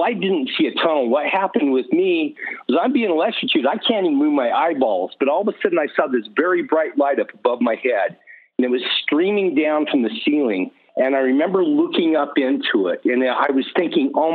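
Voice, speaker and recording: A man telling his personal testimony as a guest, animated and self-mocking, acting out his own thoughts. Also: on the high side. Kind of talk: personal storytelling. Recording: tinny phone line.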